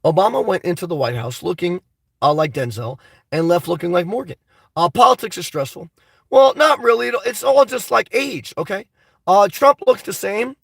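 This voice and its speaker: A man hosts a casual live stream and rambles animatedly as he answers his viewers. His voice sits high and has a gravelly edge. He is heard from a bit away from the mic in a dry room. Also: expressive, normal speed, no room sound, far from the mic. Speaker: live stream host reading viewer comments.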